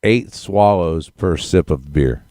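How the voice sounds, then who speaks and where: A man's voice: low voice, slow pace, mellow, no room sound. A man co-hosting a podcast, needling a friend with wry, dry remarks in casual banter.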